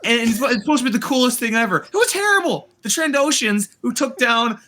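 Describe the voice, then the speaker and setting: A man hosting a casual review chat, retelling scenes in an animated, sarcastic way with swearing. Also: very high-pitched, fairly quick. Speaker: host reviewing a TV series.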